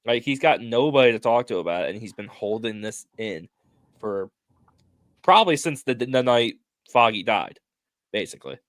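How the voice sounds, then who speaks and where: A man's voice: on the low side, lively intonation, moderate pace, fairly bright tone, dry recording. A man co-hosting a casual podcast chat who analyzes scenes and tries to keep the talk on track. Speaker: podcast co-host.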